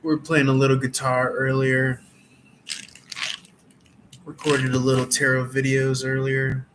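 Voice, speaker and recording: A man's voice: medium pitch, completely flat delivery, measured pace, fairly bright tone, slight background noise, low-quality recording. A man who reads tarot, chatting casually outdoors around a campfire, laid-back and meandering, full of fillers. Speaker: tarot reader. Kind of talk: casual rambling chat.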